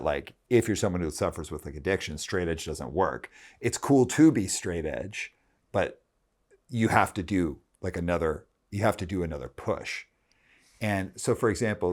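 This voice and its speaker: A man hosting a podcast, talking in a casual, rambling way with many restarts. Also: low voice. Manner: rambling, heavy use of "like" and restarts. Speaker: podcast host.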